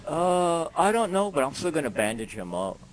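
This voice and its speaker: A man's voice: a little high, big pitch swings, moderate pace, a little hiss or hum. A man playing a tabletop game over voice chat, hesitant and full of fillers. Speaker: player. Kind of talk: casual tabletop banter.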